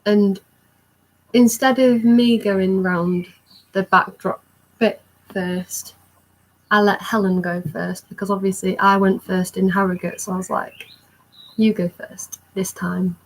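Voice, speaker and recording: Young woman, chatty vlogger, recounts a story with breathless excitement. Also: medium pitch, a little slow, low-quality recording. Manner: excited, rambling recounting with many fillers. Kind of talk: storytime vlog.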